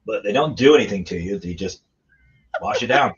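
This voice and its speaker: A man with a fairly low voice tells crude travel stories, laughing at his own jokes. The chat is loose and casual, like friends around a podcast mic. The sound is a bit dull and lo-fi. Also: expressive, a little fast, husky.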